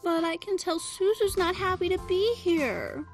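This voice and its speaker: A woman's voice: very high voice, a little slow, music in the background. A woman voicing a bubbly, friendly young waitress from a dating game in a put-on baby voice. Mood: chirpy. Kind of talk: reading game dialogue aloud.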